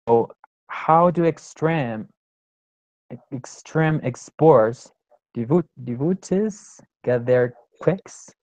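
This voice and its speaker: A man student reads a text aloud extremely slowly, stumbling over and restarting words. His mid-pitched voice comes through a dull, dry lo-fi recording. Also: darkish tone, dry recording. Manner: very slow, stumbling reading aloud.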